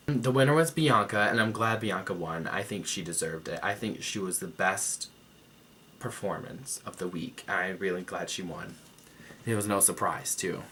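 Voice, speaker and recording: A man's voice: deep voice, moderate pace, bright, forceful tone, slight background noise. A young man in his twenties reviewing a TV episode in a loose, chatty way, with plenty of "like" and "you know". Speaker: TV review vlogger. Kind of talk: casual chat.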